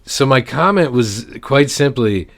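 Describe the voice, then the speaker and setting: A man's voice: medium pitch, animated, unhurried. Rambling male podcast co-host. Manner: rambling storyteller, many restarts. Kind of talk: casual chat.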